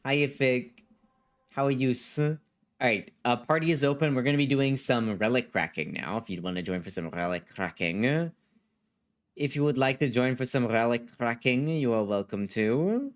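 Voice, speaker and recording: A man with a mid-range voice and a moderate pace is live-streaming a video game. He chats casually with viewers and reads their chat messages, rambling and often repeating himself.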